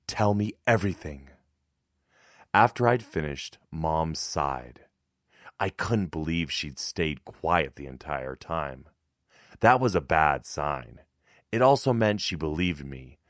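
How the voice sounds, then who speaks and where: A man narrating a first-person audiobook in a tense, measured way. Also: rumbling low, dry recording, studio quality.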